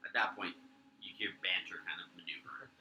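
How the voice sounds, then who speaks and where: Bright-voiced male game master. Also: low voice, a little fast. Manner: loose, filler-heavy narration. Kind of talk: narrating a tabletop game. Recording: roomy echo, faint noise.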